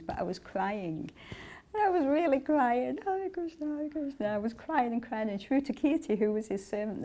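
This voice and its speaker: A woman's voice: on the low side, warm tone. A woman who is a devotee, telling a heartfelt personal memory in an interview and acting out the quotes in it.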